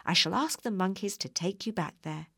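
A woman voicing a gracious, kind good witch in a storybook reading, calm and reassuring. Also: medium pitch, moderate pace, gravelly, breathy edge, no echo, studio quality, heavily acted.

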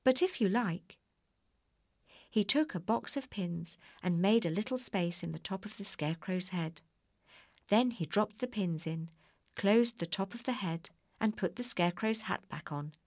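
A woman narrating a children's storybook in a calm, clear way. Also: mid-range voice, normal speed, dry recording, studio quality. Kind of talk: storybook reading.

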